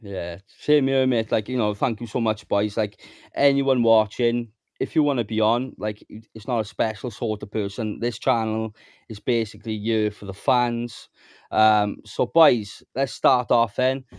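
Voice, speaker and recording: A man's voice: medium pitch, fairly even intonation, a little slow, a little mellow, clean tone, no echo, clean studio sound. A man hosting a casual live fan podcast, chatty and matey with his panel. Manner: chatty, addresses the panel as mates. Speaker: host.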